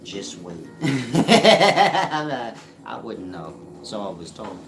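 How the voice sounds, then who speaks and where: Deep slow guy drawling a casual spiritual lesson, echoey room, faint music. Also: sing-song. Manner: slow, drawling delivery with street slang. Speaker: spiritual teacher. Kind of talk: casual spiritual teaching monologue. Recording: roomy echo.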